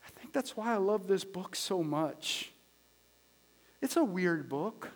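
A man, a pastor, preaching a sermon in a conversational way, swinging from loud, emphatic lines to quiet, hushed ones and repeating phrases for emphasis. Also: high voice, animated, slow. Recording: long reverb of a large hall.

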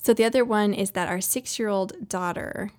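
A young woman hosting a podcast, chatting casually and telling animated, giggly stories. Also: mid-range voice, moderate pace. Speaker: podcast host. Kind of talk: casual chat.

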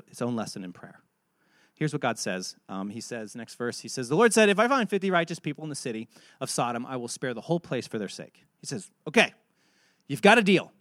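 A man preaching a sermon, telling a Bible story and acting out its dialogue with animated delivery. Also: fairly high pitch, dry recording, studio quality. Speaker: pastor.

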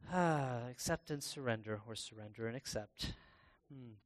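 A man preaching a sermon in a conversational way, pausing and restarting as he reads scripture aloud. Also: medium pitch. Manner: bursts into loud, excited acted-out exclamations.

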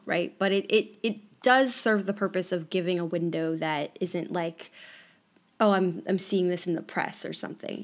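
Thoughtful low-voiced woman co-host. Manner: thoughtful, many fillers, rises in pitch when stressing points. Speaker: podcast co-host. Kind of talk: casual chat.

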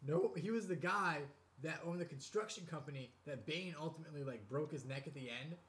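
A man's voice: fairly high pitch, brisk, fairly bright tone, a little hiss or hum. A man casually rambling through a movie review with friends, swearing and restarting his sentences.

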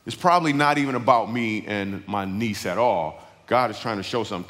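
A man's voice: medium pitch, animated, fairly quick, fairly bright tone. A middle-aged man tells a personal story in a loose, slangy, conversational way, with easy humor. His voice sits in a middle register. The sound carries the long reverb of a large hall. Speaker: guest speaker.

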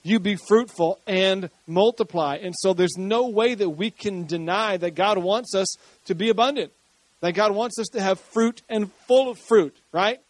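High-pitched guy pastor preaching, dry close sound, gets fired up. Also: moderate pace, no echo. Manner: preaching with rising energy, joking with the congregation. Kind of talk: sermon.

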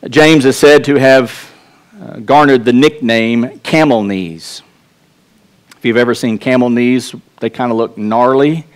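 A man's voice: medium pitch, steady tone, unhurried, clear, resonant tone. A man with a Texas accent preaching a sermon in a church, earnest and conversational, with restarts and asides to the congregation. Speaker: pastor.

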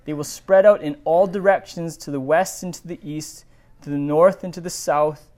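A male pastor giving a sermon, reading scripture aloud and breaking off into animated, digressive asides. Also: on the high side, moderate pace.

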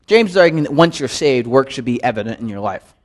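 A man teaching a midweek Bible study in a relaxed, conversational way, often repeating words to stress a point. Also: medium pitch, fast talker. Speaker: pastor.

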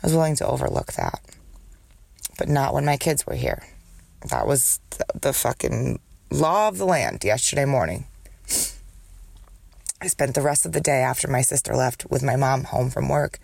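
A woman's voice: extremely low pitch, vocal fry, darkish tone, no room sound. A woman hosting a candid solo podcast with a cold and a smoker's cough. She talks in a rambling, profane way and jumps from thought to thought. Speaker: podcast host.

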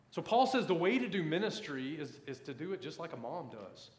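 A man's voice: fairly high pitch, expressive, normal speed, roomy sound. A man in his thirties preaching a sermon, folksy and conversational, often saying "man" as he tells family stories. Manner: folksy, says "man" often, pulpit storytelling. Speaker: pastor.

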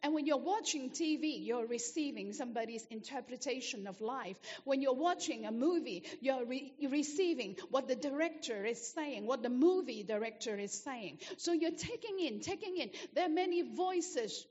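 A woman's voice: sits high, expressive, normal speed, few pauses, a little mellow, in a large hall, dull audio. A woman preacher delivering a sermon, emphatic and repetitive, asking the congregation rhetorical questions.

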